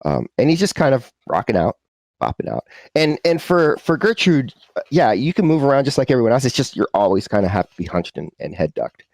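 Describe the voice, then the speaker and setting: A man's voice: mid-range voice, sing-song, fairly quick, creaky, darkish tone, dry recording. A man running a tabletop game, narrating casually with frequent fillers. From United States. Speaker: game master.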